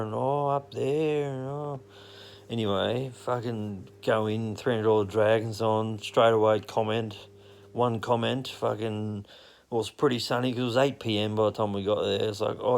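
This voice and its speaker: Brief: Australian guy, low and croaky, telling a sweary, rambling yarn outside. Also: slight background noise. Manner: crude, swearing, laid-back yarn-spinning. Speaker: storyteller. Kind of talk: casual rambling anecdote. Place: outdoors in nature.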